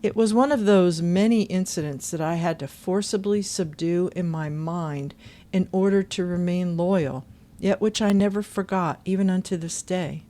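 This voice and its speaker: A woman's voice: lowish voice, moderate pace, mellow. Indignant woman reading with commentary. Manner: indignant, pointed; sings chorus snippets. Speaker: channel host reading forum posts.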